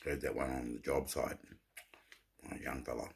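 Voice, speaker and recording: A man's voice: rumbling low, flat delivery, normal speed, vocal fry, slight background noise. A man, rambling and telling jokes in a laid-back way, often repeating his words. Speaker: vlogger. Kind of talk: rambling casual storytelling.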